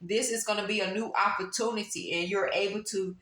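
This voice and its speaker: A woman's voice: medium pitch, steady tone, a little fast, a bit bright. A woman giving a casual tarot reading to her viewers, talking emphatically and repeating phrases for stress. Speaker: tarot reader. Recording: roomy echo, faint background noise.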